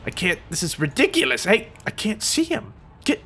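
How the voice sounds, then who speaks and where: A man with an American accent giving excitable, giggly let's-play commentary. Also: sits high, moderate pace, soft background music. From United States. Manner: excitable, giggly, frequent shrieks. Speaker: gaming YouTuber.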